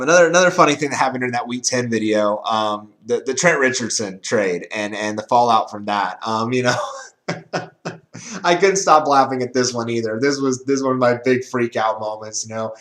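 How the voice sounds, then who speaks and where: A man's voice: medium pitch, a bit bright. Rambling man in an echoey room. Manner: rambling, repeats words, laughs often. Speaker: fantasy football vlogger. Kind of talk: casual season recap vlog.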